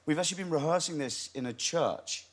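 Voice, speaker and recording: A man, an actor guest on a talk show, telling anecdotes in a relaxed, self-deprecating way. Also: a little high, a little fast, breathy edge. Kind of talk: chatty interview.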